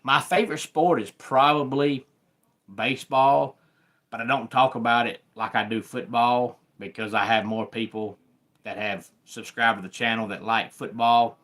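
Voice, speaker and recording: A man with a Southern accent hosting a live sports talk stream, chatting with viewers in an unhurried way. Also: on the low side, level tone, fairly bright tone. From American South. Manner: unhurried, greets viewers by name.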